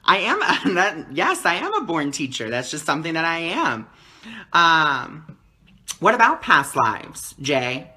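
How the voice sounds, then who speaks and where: A man talking calmly and teacherly on a live stream as a spiritual teacher, answering viewer comments and often checking in with "okay?". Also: a little high, slow pace. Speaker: spiritual teacher and card reader.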